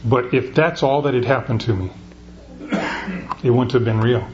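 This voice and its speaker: Man preaching a casual, halting sermon. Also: mid-range voice, dull audio, soft background music. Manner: conversational with frequent restarts. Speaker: pastor.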